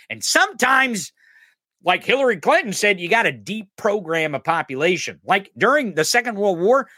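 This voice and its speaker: A man hosting a podcast, giving a loud, profane, mocking political rant. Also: fairly high pitch, no echo, studio quality. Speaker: podcast host.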